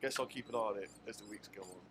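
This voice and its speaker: A man reading his diary aloud in a deadpan, matter-of-fact way. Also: lowish voice, very fast. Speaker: diary writer reading on a radio show. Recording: clip with clear background noise.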